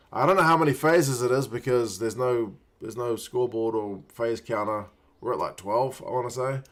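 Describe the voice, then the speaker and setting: With a medium-pitched, slightly bright voice, this thirty-something watch-along host reacts in mutters from his home stream and cheers the players on in casual commentary.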